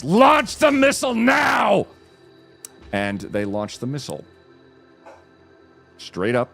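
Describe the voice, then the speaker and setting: A man streaming from home, retelling a film with excitement, restarting sentences and leaping up in pitch at the dramatic moments. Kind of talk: animated storytelling while gaming.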